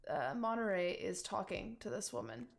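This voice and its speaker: A woman's voice: medium pitch, expressive, moderate pace, gravelly. A woman narrating a tabletop game as game master in a casual, filler-heavy way. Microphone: streaming mic.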